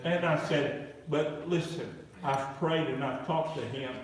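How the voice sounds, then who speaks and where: High voiced preacher guy telling stories at a revival, doing the voices, sounds far from the mic. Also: a little slow. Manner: animated storyteller, acting out quoted voices. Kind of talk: revival sermon storytelling. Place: large church sanctuary. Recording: echoey church, voice from far off.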